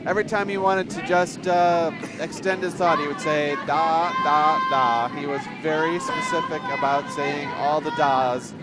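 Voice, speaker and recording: A man's voice: on the high side, fairly even intonation, normal speed, hardly any pauses. A man doing color commentary on a livestream, joking and wandering off on tangents. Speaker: curling commentator. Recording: crowd noise behind.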